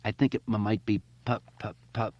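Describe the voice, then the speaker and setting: A man's voice: low voice, expressive, normal speed, no echo. A man voicing a frightened boy who stutters heavily, reading in a slightly dull, lo-fi recording. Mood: halting, frightened. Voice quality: heavy stutter. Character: stuttering boy, scared but leading.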